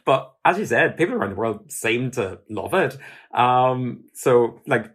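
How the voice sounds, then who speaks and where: A man's voice: medium pitch, expressive, measured pace, a bit bright, husky. A man with a Northern Irish accent interviewing a guest, asking long rambling questions full of fillers. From Northern Ireland.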